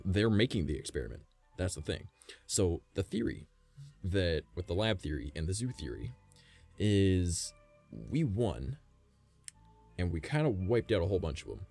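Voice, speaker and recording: A man's voice: deep voice, expressive, normal speed, mellow, soft background music. A man streaming live from home, chatting loosely with his chat, rambling through wild theories and swearing freely. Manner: rambling, swears a lot, speculative. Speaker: livestreamer.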